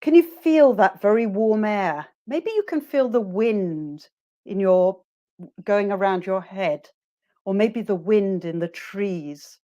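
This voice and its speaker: Lively slow-paced woman teacher trainer. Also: mid-range voice. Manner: encouraging, models phrases slowly for repetition. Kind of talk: webinar teaching demonstration.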